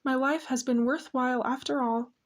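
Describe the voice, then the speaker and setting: A woman voicing a cheerful, lively young woman teacher in an audiobook reading, with a breezy, friendly manner. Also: high-pitched, moderate pace, lightly acted.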